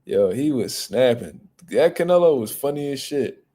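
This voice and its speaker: A man's voice: mid-range voice, moderate pace. Profane, fired-up male boxing host. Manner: blunt, profane, animated. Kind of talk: casual chat.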